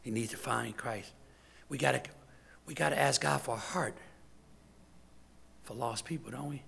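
A man's voice: mid-range voice, moderate pace, gravelly, a bit bright, slightly rough. A man serving as deacon, preaching a sermon in an emphatic, conversational way, with lots of repetition.

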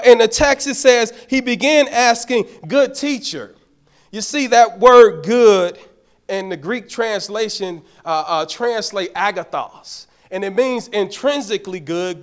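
Animated high-voiced deacon preaching. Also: male voice. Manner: animated, building to passionate peaks; bellows street-vendor calls in stories. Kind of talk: storytelling sermon.

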